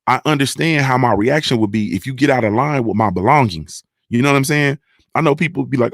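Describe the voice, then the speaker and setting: A young adult man talks straight to his viewers on a livestream, emphatic, profane and repetitive. His voice sits at an ordinary pitch and is recorded dry and up close, with no room sound. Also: expressive, brisk, creaky, dry recording. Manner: emphatic, repetitive, profane, keeps asking "you understand". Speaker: livestream host reading chat. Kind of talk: casual livestream talk to viewers.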